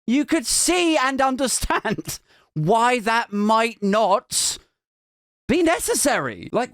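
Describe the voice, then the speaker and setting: A man with a very high, slightly bright voice hosts a comedy podcast, delivering a mocking satirical rant full of swearing and frequent bursts of laughter. The recording is dry and studio-clean.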